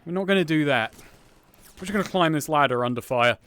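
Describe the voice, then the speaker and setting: A man's voice: on the high side, lively intonation, a little fast, fairly bright tone, slight background noise. A man playing a VR game on stream, laid-back, laughing and narrating what he does as he chats. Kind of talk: casual gaming chat.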